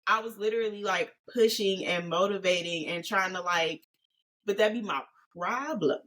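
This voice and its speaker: A woman's voice: medium pitch, normal speed, a bit bright. A woman co-hosting a casual podcast chat, telling a story expressively and laughing often. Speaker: podcast co-host.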